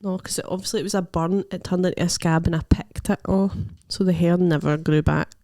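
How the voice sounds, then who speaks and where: A woman's voice: on the low side, fairly even intonation, fairly quick, mellow, dry recording, clean studio sound. A young Scottish woman, a comedian co-hosting a podcast, chatting casually and teasing her friend with lots of laughter. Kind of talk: casual chat.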